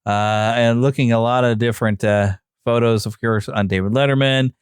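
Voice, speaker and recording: A man's voice: medium pitch, steady tone, normal speed, smooth, no echo, studio quality. A man hosting a podcast, talking casually and reading from notes, with frequent "uh" fillers. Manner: chatty, reads notes aloud with many fillers. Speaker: podcast host. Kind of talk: casual solo podcast talk.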